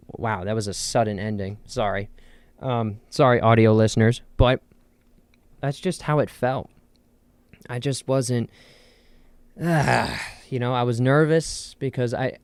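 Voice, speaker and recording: A man's voice: mid-range voice, fairly even intonation, a little slow, pauses often, clear, resonant tone, faint music behind. A young man from New Jersey hosting a solo podcast, rambling in a jokey, self-deprecating way. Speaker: podcast host. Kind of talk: casual solo podcast chat.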